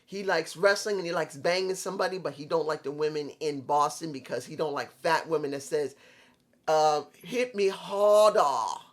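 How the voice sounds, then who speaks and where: A man's voice: on the high side, steady tone, a little fast, a bit bright. Blunt New York man recapping wrestling. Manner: opinionated, blunt, rambling with restarts. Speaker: wrestling commentator.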